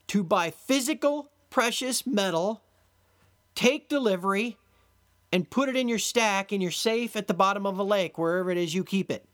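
A man talks alone into the mic as a podcast host, scolding his listeners with sarcastic exasperation. His pitch swoops up and down in animated arcs as he lectures. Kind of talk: solo commentary monologue.

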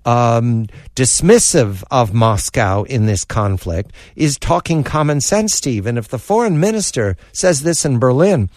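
A man hosting a radio interview, speaking in a measured way and quoting sources. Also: medium pitch, sing-song, darkish tone, no echo, clean studio sound. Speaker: radio host.

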